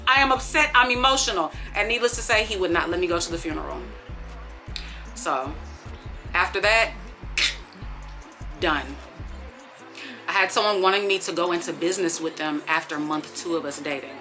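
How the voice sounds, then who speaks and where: Sassy, animated woman vlogger. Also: fairly low pitch, moderate pace, pauses often, faint music behind. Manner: animated, sassy, swings between hushed disbelief and loud exclamations. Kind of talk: casual storytime vlog.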